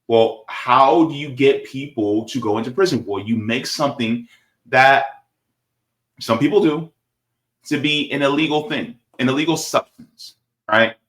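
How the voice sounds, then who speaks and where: A man commenting on a video clip in casual political talk, emphatic and repetitive, tossing in "right?" and "baby". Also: mid-range voice.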